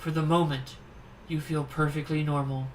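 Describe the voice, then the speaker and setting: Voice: medium pitch, little pitch movement, normal speed, a little hiss or hum, poor audio. A streamer reading the narration of a horror dating game aloud, with irreverent, wry comments between passages.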